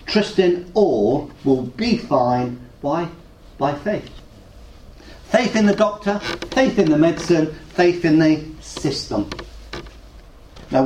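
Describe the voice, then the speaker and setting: A man preaches with a fairly high, bright voice. He tells stories earnestly and repeats key phrases for weight. His voice rings around an echoey hall. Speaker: pastor. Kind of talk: sermon.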